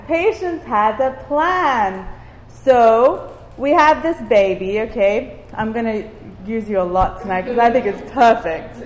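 Woman from Cyprus, informal devotional talk, unhurried, a touch high, roomy hall reverb. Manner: engaging, asks the listeners questions, repeats words for emphasis. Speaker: group leader giving a devotional talk.

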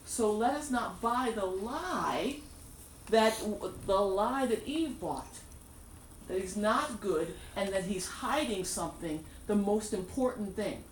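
A woman's voice: medium pitch, expressive, slow. A woman preaching a sermon, emphatic, repeating her key phrases for weight. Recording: echoey room, distant mic, faint background noise.

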